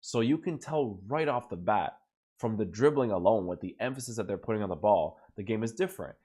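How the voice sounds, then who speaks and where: A man's voice: fairly low pitch, lively intonation, a little fast, warm tone, slightly rough. Man talking over his gameplay. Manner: emphatic, keeps asking "right?"; casual, swears now and then. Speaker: gaming YouTuber. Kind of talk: gameplay commentary.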